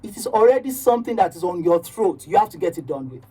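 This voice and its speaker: A woman's voice: lowish voice, very animated, fast, mellow, slightly rough, far from the mic. A woman with a Nigerian accent talking on a radio show, rambling and often checking "do you understand?". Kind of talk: casual radio chat.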